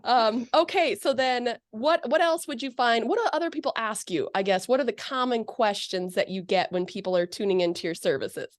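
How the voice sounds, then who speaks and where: A woman's voice: on the high side, brisk, few pauses, dry recording. A woman hosting a podcast interview, giggly and enthusiastic, easily embarrassed. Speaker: podcast host. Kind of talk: casual interview chat.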